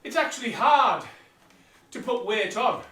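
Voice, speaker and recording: Man, high voice, a bit winded mid-workout, blunt vlog talk, roomy room heard from afar. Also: lively intonation, unhurried, sharp tone. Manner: blunt, plain-spoken, talks while pedalling an exercise bike. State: slightly out of breath. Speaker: vlogger. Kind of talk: casual motivational talk. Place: indoor room with exercise bike. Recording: roomy sound from a distant mic.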